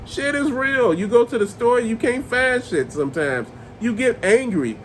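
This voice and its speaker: High-voiced man ranting, cursing freely. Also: expressive, normal speed, a little hiss or hum. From Chicago area. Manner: profane, exasperated ranting. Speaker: host of a toy rant channel. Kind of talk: casual ranting monologue.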